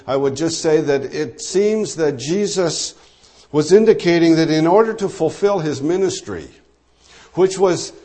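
A man preaching a measured, explanatory sermon, dropping low and soft when he quotes scripture. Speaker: pastor.

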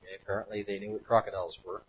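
A man's voice: fairly low pitch, flat delivery, rapid-fire, slightly rough, highs cut off. A man giving a slide lecture to a live audience, talking emphatically and repeating his points over and over.

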